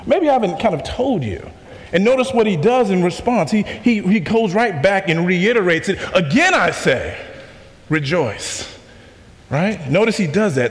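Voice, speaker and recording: A man's voice: high-pitched, big-room sound. A pastor preaching a sermon to his congregation, emphatic, repeating key questions and asking the room to respond.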